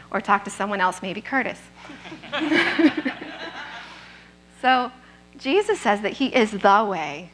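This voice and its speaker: A woman's voice: mid-range voice, a bit bright, a little hiss or hum, rough recording. A woman preaching a sermon at a church service, speaking into a microphone in a plainspoken, conversational way and often checking in with the congregation.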